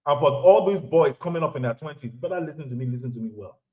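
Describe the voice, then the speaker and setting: This man, a Nigerian in his thirties or forties with a Nigerian accent, talks fast in a fairly high, expressive and slightly mellow voice. As a vlogger giving relationship advice, he lectures viewers in an emphatic monologue to camera, repeating lines for stress, recorded in roomy, dull lo-fi audio.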